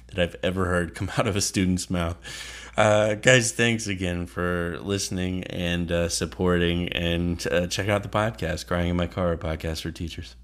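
Brief: low-voiced male teacher hosting a casual podcast, unhurried and halting. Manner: relaxed, halting, with fillers.

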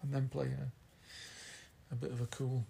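Man, Yorkshire accent, podcast co-host, gravelly fry, rambling teasing chat. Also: medium pitch, little pitch movement, slow pace, mellow. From Yorkshire, England. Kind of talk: casual chat.

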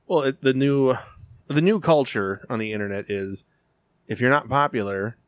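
A man's voice: mid-range voice, normal speed, dry recording. Blunt, profane man in casual chat. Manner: blunt, profane, animated storytelling.

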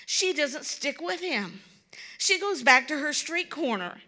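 A woman's voice: high-pitched, expressive, unhurried, pushed and bright. A woman from Kentucky with a Kentucky accent, preaching an earnest, pleading sermon and repeating words for emphasis.

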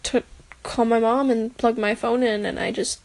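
A young woman recording a personal audio diary, telling her story in an emotional, halting way with sighs and broken-off words. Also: fairly high pitch, fairly even intonation, a little mellow. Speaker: podcaster.

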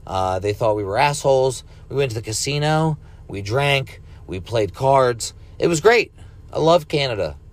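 With an expressive, mid-range voice at a normal pace, a man in his thirties from the US hosts his podcast alone. It's a casual, wandering monologue, relaxed and full of profanity.

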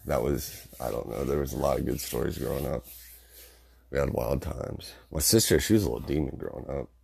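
A man's voice: very deep voice, a little fast, creaky, a little mellow, breathy edge. A young man casually telling family stories, rambling, swearing and laughing as he goes. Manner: rambling, profane, laughs through his stories. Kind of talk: casual storytelling.

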